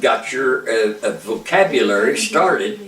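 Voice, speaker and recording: A man, a preacher, giving an informal ventriloquism lesson with slow, patient, drawn-out demonstrations. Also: medium pitch, lively intonation, fairly bright tone. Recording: echoey room, mic far off.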